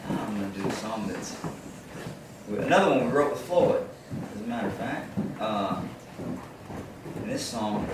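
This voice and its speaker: A man's voice: mid-range voice, heavy background noise. A man chatting casually between songs at a live music session, telling a rambling story and often restarting his phrases. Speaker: singer-songwriter performing live. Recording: echoey room, far from the mic, loud guitar.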